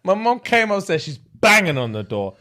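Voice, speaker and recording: A man's voice: sits high, very animated, normal speed, sharp tone. A young British man, a podcast co-host, telling a comic story in casual slang-filled chat and laughing often. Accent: British English.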